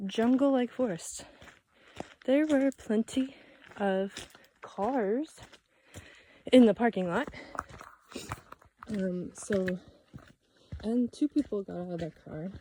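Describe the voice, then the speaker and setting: A young woman vlogging as she walks a forest trail, chatting to her handheld camera and a little out of breath from the climb. Her voice is mellow and unhurried, rambling along with light nervous asides. Faint noise sits behind her outdoors. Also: on the high side. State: slightly out of breath from hiking. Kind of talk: casual vlog talk while hiking.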